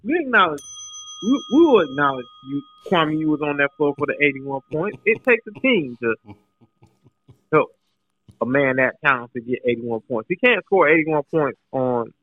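A man on a phone call, calm and a bit hesitant, trying to settle an upset caller. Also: on the high side, normal speed, dry recording.

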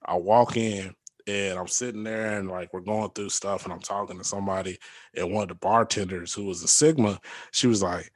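Young guy, animated storyteller, does the voices, laughs a lot, dry close sound. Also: sits low, moderate pace, dry recording. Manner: animated storyteller, acts out quotes, laughs often. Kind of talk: casual chat.

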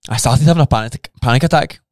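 A man chats on a podcast, telling his story with animated energy and plenty of swearing. He acts out his own reactions as he goes. His voice sits at a middling pitch, and the sound is dry and close to the mic. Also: quick pace, dry recording. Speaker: podcast co-host. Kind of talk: casual chat.

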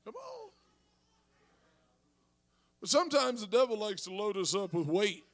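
A man preaching a sermon as pastor, talking to his congregation with asides and rising to shouted praise. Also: sits high, lively intonation, brisk.

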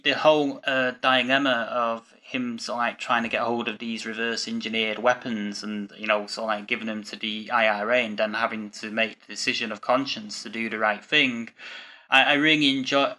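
A man's voice: mid-range voice, sharp tone. A man hosting a casual interview, speaking hesitantly with many fillers and restarts.

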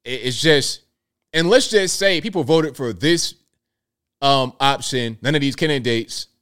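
A man's voice: mid-range voice, a little slow, a bit bright, clean tone. A man with a Southern American accent hosts a solo political commentary stream. He talks emphatically, restating his points and throwing rhetorical questions at the audience in a mid-range voice. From United States. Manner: emphatic, repeats phrases, fires rhetorical questions at viewers.

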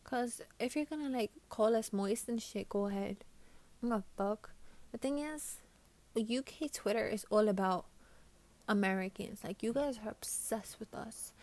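A woman's voice: fairly high pitch, moderate pace. Profane ranting New young woman. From New York. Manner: profane, ranting, gets loud when riled up. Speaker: vlogger. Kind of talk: casual Q&A chat.

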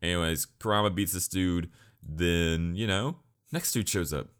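A man's voice: sits low, unhurried, a bit bright, smooth. A young man giving a blunt, profane, sarcastic anime review in casual ranting commentary.

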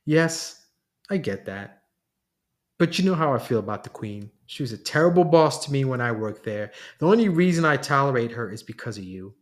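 A man's voice: medium pitch, animated, moderate pace, lightly acted. A man narrating a story, voicing a frustrated, sarcastic man whose privacy has been exposed. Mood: hurt. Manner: exasperated, sarcastic. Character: frustrated young male lawyer.

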